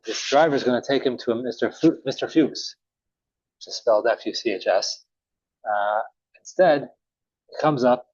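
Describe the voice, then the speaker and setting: A man teaching a morning Talmud class, telling a story casually with many pauses and restarts. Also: mid-range voice, no echo. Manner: relaxed, halting, many uhs and restarts. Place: synagogue or study room. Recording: dull, dry recording.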